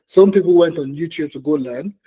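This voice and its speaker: A man's voice: on the high side, brisk, dark tone, husky, poor audio. A man presenting a career webinar for tech job seekers, who talks emphatically, repeats key phrases and keeps checking in with "okay?" and "all right?".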